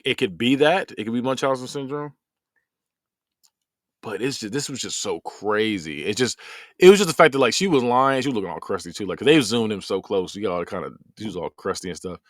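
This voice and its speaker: A man's voice: lowish voice, no echo. Guy on his podcast rambling about a doc he just watched, dry close sound. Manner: rambling, animated, repeats himself. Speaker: podcast host. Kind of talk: casual documentary review.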